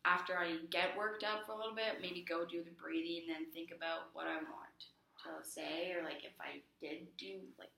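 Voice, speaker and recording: A woman's voice: on the low side, fairly even intonation, moderate pace, vocal fry, hardly any pauses, pushed and bright. A young woman talking casually as a counseling client, chatty with lots of fillers, often acting out what others say. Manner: chatty, many fillers, acts out quoted friends. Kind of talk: casual conversation. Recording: echoey room.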